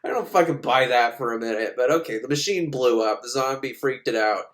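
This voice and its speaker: A man sarcastically recapping a film in casual talk, swearing and jumping into voices of the characters. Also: medium pitch. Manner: sarcastic, swearing, acts out lines in quick put-on voices. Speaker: movie recapper.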